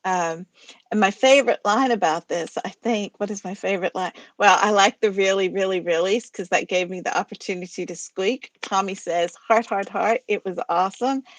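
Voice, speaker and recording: A woman's voice: medium pitch, normal speed, no room sound. A woman hosting a poetry reading, chatting casually about a poem in a chatty way with giggly asides. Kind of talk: casual chat about poems.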